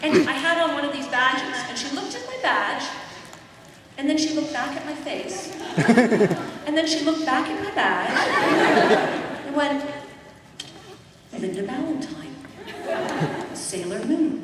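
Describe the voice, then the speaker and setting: A woman voice actor on a convention panel, telling animated anecdotes and laughing often. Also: sits high, unhurried, long pauses. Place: large convention hall. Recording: echoey hall mic from far off with crowd.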